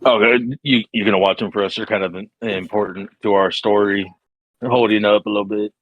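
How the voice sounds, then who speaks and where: A man's voice: on the low side, steady tone, a little fast, narrow, tinny audio, a little hiss or hum. A man playing a tabletop game, describing his character's moves and joking with the group. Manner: joking, laughs often. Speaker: player. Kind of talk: casual tabletop play.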